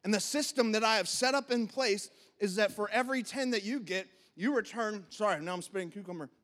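A pastor in his thirties preaching a sermon, animated, acting out quoted voices of God and his congregation. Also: sits high, a little fast.

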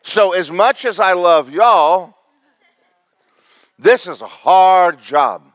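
Male pastor, high voice, dry close mic; fervent sermon with quiet joking asides. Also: expressive, slow pace, no echo. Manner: preaches with big swings from loud highs to low asides, joking with the congregation. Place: church sanctuary.

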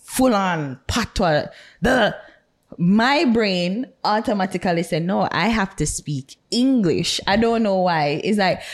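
A young adult woman with a Jamaican accent, co-hosting a podcast in casual chat, animated, blunt and teasing. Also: medium pitch, slow. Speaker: podcast co-host.

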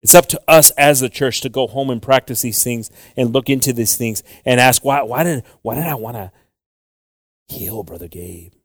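Clean studio sound with no echo carries a pastor's mid-range voice at a moderate pace. Switching between English and Spanish, he preaches and prays, pleading again and again with "Lord" and "Jesus."

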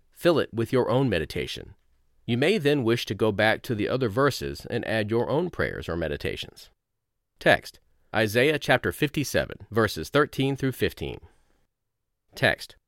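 A man reading a devotional lesson aloud in a slow, reflective way with measured pauses. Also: lowish voice, fairly bright tone, no room sound, studio quality. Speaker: course narrator.

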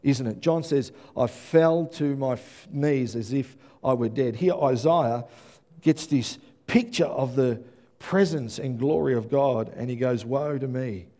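An earnest male preacher delivers a sermon in a mellow, dark-toned voice. He stumbles over and repeats words, then climbs to loud, emphatic peaks. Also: mid-range voice, unhurried.

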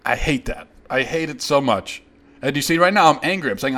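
A man's voice: a little high, animated, brisk, pushed and bright. A man hosting a show, delivering a heated, sarcastic opinion monologue in reply to a critic. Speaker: host.

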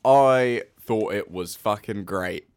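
A man co-hosting a podcast, loud and jokey, rambling in casual chat. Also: lowish voice, slow, clean tone, dry recording, studio quality. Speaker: podcast co-host. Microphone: close podcast mic.

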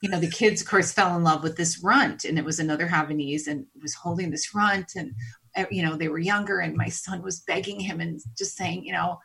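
A middle-aged woman co-hosting a podcast, telling lively family anecdotes in casual chat. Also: lowish voice, a little fast, vocal fry. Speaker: podcast co-host.

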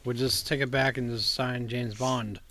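A co-host in casual podcast chat, making relaxed joking remarks. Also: medium pitch, moderate pace. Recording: noisy mic with bumps and clicks.

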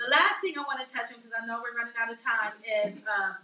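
A woman hosting a casual chat among friends, talking fast and emphatically and often talking over the others. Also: fairly high pitch, lively intonation, pushed and bright, reverberant, far from the mic, poor audio. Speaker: host.

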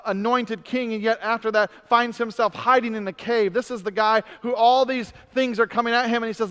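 High-voiced preacher man in a reverberant hall. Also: smooth. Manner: swings from loud and emphatic to soft and drawn out. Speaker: pastor. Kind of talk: sermon.

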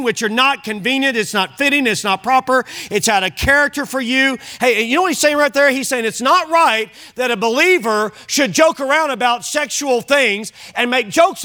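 A man's voice: very high voice, animated, moderate pace, hardly any pauses, pushed and bright. A man preaching an evening sermon in church, reading scripture aloud and explaining it with frequent check-ins to the congregation. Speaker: pastor.

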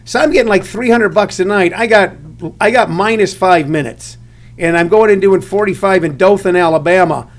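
A man's voice: high-pitched, normal speed. A man who is a stand-up comedian, chatting casually and telling stories from his years on the road, with frequent agreeing yeahs. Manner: storytelling with lots of agreeing yeahs. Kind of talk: casual conversation.

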